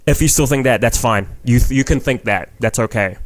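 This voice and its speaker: A man's voice: mid-range voice, fairly quick, dry recording. A young man with a New Zealand accent, a comedian guest on a podcast, talking frankly and rambling, swearing freely in casual chat.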